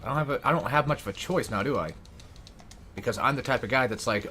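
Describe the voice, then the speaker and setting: A man's voice: mid-range voice, fast talker, pushed and bright, slight background noise. A young man giving casual, rambling gameplay commentary, sarcastic and swearing often. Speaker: gaming YouTuber.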